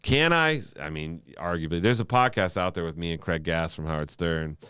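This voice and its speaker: Male stand-up comic guest, very low voice, smooth and clean, dry close mic, rambling animated anecdotes with swearing. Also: normal speed, no echo. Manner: animated storyteller, stammering restarts, frequent swearing. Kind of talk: casual podcast storytelling.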